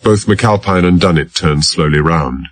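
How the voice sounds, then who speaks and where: Male audiobook reader, extremely deep and husky, dry close sound, measured delivery. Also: no room sound. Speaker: audiobook narrator. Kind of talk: scripted narration.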